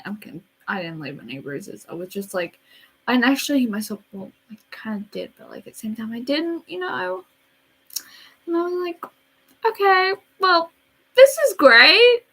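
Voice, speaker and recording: A teenage girl chatting casually in a storytime vlog, rambling and dramatic, with quiet asides. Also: mid-range voice, husky, poor audio. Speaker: vlogger.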